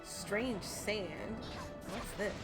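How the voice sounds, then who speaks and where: A woman's voice: mid-range voice, very slow. A young woman streamer giving casual gameplay commentary, joking and swearing to herself as she plays. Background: game music.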